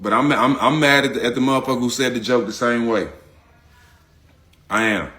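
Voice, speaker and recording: A man speaking straight to his audience in loose, slangy talk, hammering the same points again and again. His voice is bright and forceful, sitting at an ordinary pitch for a man. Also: brisk. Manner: emphatic, repetitive, slangy. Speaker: public figure speaking out. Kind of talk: casual direct-to-audience talk.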